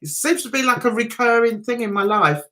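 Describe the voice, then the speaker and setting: A woman's voice: fairly high pitch, animated, brisk, fairly bright tone. A middle-aged woman hosting a casual livestream, chatty and self-mocking, laughing often as she greets viewers. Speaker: livestream host reading viewer chat.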